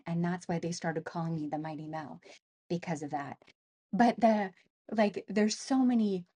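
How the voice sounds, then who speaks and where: Animated woman telling a personal story. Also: lowish voice, slightly rough. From Canada. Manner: animated, acts out voices in her story, many fillers. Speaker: interview guest.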